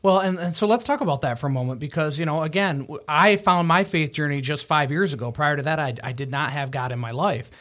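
Man, host, casual chat, earnest, reflective, lots of fillers, slightly high voice. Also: brisk, few pauses, fairly bright tone. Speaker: podcast host. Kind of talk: casual conversation.

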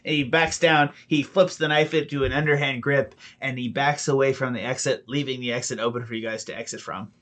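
A man's voice: mid-range voice, steady tone, brisk, hardly any pauses, a bit bright. A man narrating as dungeon master, rambling with fillers and restarts. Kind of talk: narrating a tabletop game.

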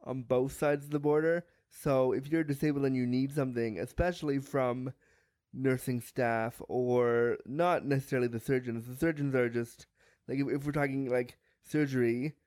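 A man from Canada, a guest on a podcast, talking frankly and lively, acting out what other people say with humor. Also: medium pitch, moderate pace, dry recording. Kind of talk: candid podcast interview.

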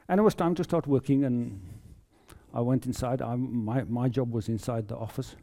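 A South African man shares a faith testimony in a deep, very mellow tone. He speaks earnestly and haltingly, often repeating words as he feels his way through the story. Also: vocal fry. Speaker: lay preacher giving testimony. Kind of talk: personal testimony in a sermon.

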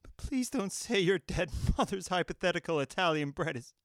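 A woman's voice: lowish voice, expressive, normal speed, dry recording, studio quality. A woman playing a wounded, pleading father who keeps repeating himself. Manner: pleading, repetitive. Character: soft wounded middle-aged father.

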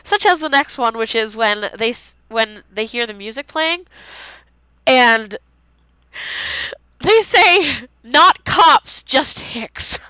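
A young woman co-hosting a casual fan podcast, excitedly reading out favorite quotes and swearing freely. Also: on the high side, takes it slowly, pauses often, clear, resonant tone, no room sound, rough recording. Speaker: podcast co-host.

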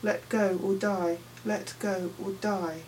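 A woman voicing a calm, protective young male sea-dweller in an audiobook, speaking low, hushed and insistent. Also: slow, recorded from a distance, slight background noise, lightly acted, rough recording. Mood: urgent.

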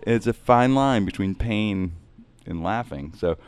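Low-voiced, rambling comedian. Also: male voice, animated, unhurried, darkish tone, smooth, no echo. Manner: rambling, reflective, says "man" often. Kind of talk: casual interview chat.

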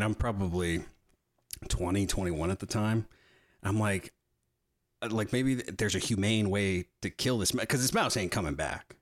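Profane young man telling a story. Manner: profane, animated storytelling with swings in pitch. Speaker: podcast co-host. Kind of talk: casual storytelling chat.

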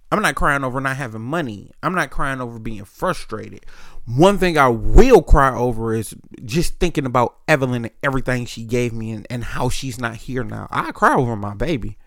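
A man's voice: mid-range voice, lively intonation, moderate pace, vocal fry, fairly bright tone, no echo, studio quality. A young man hosting a podcast, telling stories in a laid-back, profane way full of street slang. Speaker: podcast host. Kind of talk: casual storytelling monologue.

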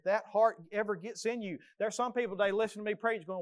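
A man preaches with fervor, his high, smooth voice rising into loud pleas and falling to near-whispers. The sound is dry and close, with no room around it. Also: steady tone, fast talker, few pauses, dry recording. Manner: impassioned, swings from loud pleading to hushed intensity. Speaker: pastor. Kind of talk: sermon.

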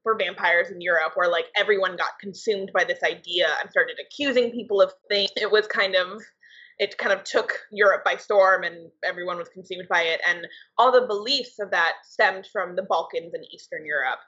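Woman co-host, young adult, chatty explainer with a bright, slightly husky voice. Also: mid-range voice, normal speed. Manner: loose, conversational explainer. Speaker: podcast co-host, writer and editor. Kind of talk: casual podcast chat. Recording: dull lo-fi podcast audio.

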